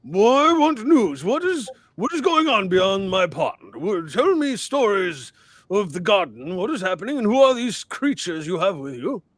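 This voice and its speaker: A man voicing a huge, touchy old mountain spirit in a tabletop game, speaking in slow, drawn-out, thundering demands. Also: sits high, big pitch swings, dry recording, voice pushed up, full character voice. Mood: demanding.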